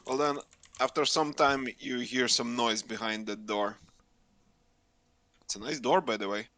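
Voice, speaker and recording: A man's voice: medium pitch, measured pace, bright, forceful tone. A man narrating a tabletop game as game master, hesitant with fillers while describing scenes.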